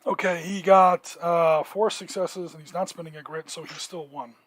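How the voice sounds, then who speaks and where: A man with a high voice for his sex narrates and explains rules as game master of a tabletop game. He talks in a relaxed way, dotted with fillers, and his voice sounds dry and close to the mic. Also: normal speed, dry recording.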